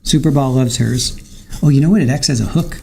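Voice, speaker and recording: A man's voice: medium pitch, brisk, vocal fry, dark tone. A man hosting a live stream, recapping court testimony in a chatty way, reading viewer comments aloud and talking to his dog at home. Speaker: livestream trial commentator.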